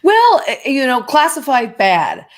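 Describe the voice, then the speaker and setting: Animated woman telling stories on a live stream. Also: high-pitched, a little slow. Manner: animated storyteller, acts out quoted dialogue. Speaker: guest medium. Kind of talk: casual live-stream chat.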